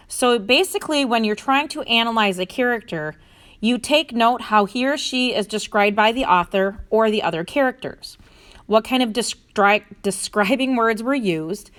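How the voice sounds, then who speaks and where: A woman teacher reading a story aloud and explaining a reading lesson, using explanatory fillers like "so basically". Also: mid-range voice.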